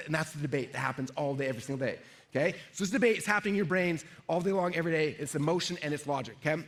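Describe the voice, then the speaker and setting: A middle-aged man giving a lively live sales seminar, quizzing the audience and acting out inner voices. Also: a little high, racing. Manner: energetic, asks the audience questions, acts out inner voices. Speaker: sales trainer.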